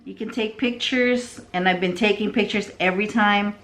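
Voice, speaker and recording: A middle-aged woman telling a long story in a casual, rambling way while she arranges plants, often dropping into soft asides. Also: medium pitch, normal speed, a little hiss or hum. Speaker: succulent vlogger.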